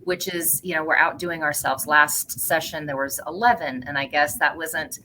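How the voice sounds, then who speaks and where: Very low-voiced bright woman. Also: fairly even intonation, moderate pace, a little hiss or hum, low-quality recording. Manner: upbeat, folksy, hesitant with fillers. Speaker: policy staff member. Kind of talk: casual online update talk.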